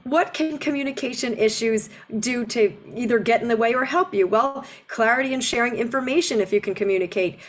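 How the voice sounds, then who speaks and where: A woman in her forties, an accent reduction coach, giving a webinar presentation and slowing down to model pronunciation. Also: on the high side. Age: 40s. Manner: explanatory, slows down to model pronunciation.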